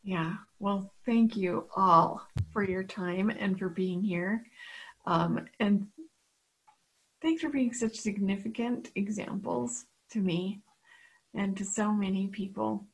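A woman's voice: medium pitch, slow, slightly rough, rough recording. A woman hosting a group talk, encouraging the participants and thanking them. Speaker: group host.

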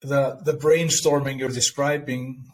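A man co-hosting a podcast, explaining ideas in a measured, conversational way. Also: medium pitch, level tone, rough recording. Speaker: podcast co-host. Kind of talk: casual conversation. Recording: faint background noise and clicks.

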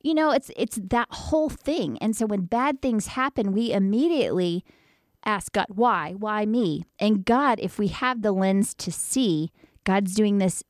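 A woman's voice: mid-range voice, measured pace, no echo, clean studio sound. A woman co-hosting a faith podcast, talking earnestly and eagerly with lots of fillers and restarts. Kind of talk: casual faith chat.

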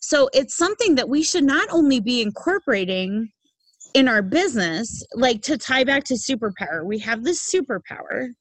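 A woman's voice: fairly high pitch, sing-song, moderate pace, no echo, low-quality recording. A middle-aged woman hosting a podcast, talking earnestly and emphatically in a casual conversation, laughing easily. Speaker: podcast host.

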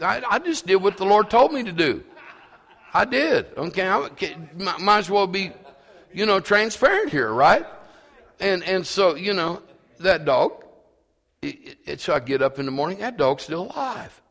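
A male pastor with a bright, ringing voice and a lively, swooping delivery. He tells his sermon in a folksy storytelling way and builds to fervent preaching. His voice rolls through a reverberant church hall. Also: sits high, normal speed.

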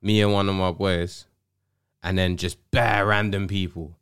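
A young man talks in an easy, slangy way as a podcast host. His voice sits low and comes through clean and smooth. The sound is dry and close, with little room around it. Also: little pitch movement, measured pace, a bit bright, no echo. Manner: London slang, laid-back storytelling. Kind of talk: casual chat.

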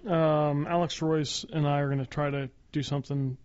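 A man who is a guest on a podcast, speaking in a dry, deliberate, deadpan way. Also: on the high side, smooth, no room sound, dull audio. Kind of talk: casual chat.

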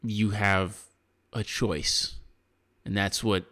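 Man from the US, lowish voice, casual podcast chat, earnest and opinionated. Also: level tone, drawn-out words, pushed and bright. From United States. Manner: earnest, opinionated, thinks aloud with restarts. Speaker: podcast co-host.

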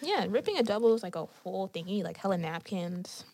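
A young woman co-hosting a casual chat podcast, talking quickly with a lively, swooping delivery. Her voice sits a bit high, and it is recorded dry and close. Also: no echo. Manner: animated storytelling, quick and expressive. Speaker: podcast co-host.

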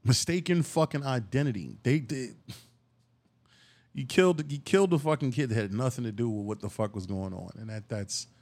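A man's voice: mid-range voice, normal speed, a little mellow. Man, podcast host, solo monologue, cussing, emphatic, heated bursts. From Philadelphia. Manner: profane, emphatic street talk with rising outbursts.

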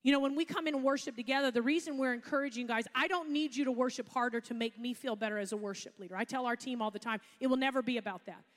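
A woman's voice: fairly high pitch, fast, hardly any pauses, big-room sound. A woman pastor, preaching a sermon in a chatty storytelling way with asides.

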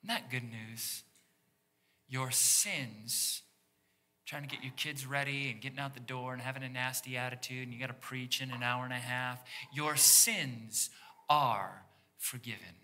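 A man preaching a sermon as pastor, animated and talking straight to the congregation, dropping to a hushed near-whisper to stress a point. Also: medium pitch, measured pace. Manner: engages the congregation directly.

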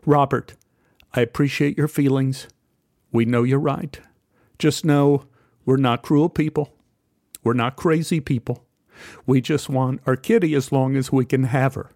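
A man voicing his gentle wife, who speaks in a soothing, conciliatory way. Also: medium pitch, steady tone, measured pace, pauses often, dry recording, clean studio sound, lightly acted. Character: gentle wife, mediating and kind.

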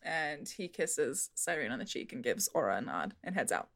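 A woman's voice: deep voice, big pitch swings, moderate pace, a bit bright. A woman narrating a tabletop role-playing game as game master, in a matter-of-fact way.

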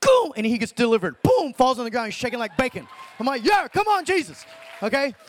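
A young man preaching an informal sermon, animated and slangy, calling listeners dude and man. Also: very high voice, fast. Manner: slangy, animated, talks in street terms like dude and bro.

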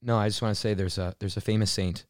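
Male podcast co-host with a deep, smooth voice, reflective and conversational. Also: fairly even intonation, quick pace, dry recording, clean studio sound. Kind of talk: casual chat.

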